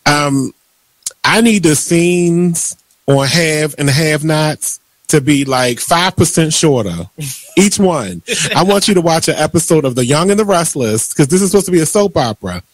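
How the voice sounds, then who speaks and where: Animated ranting radio host, higher voice. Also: male voice, normal speed, dry recording. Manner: animated, ranting, laughs often. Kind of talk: casual radio chat.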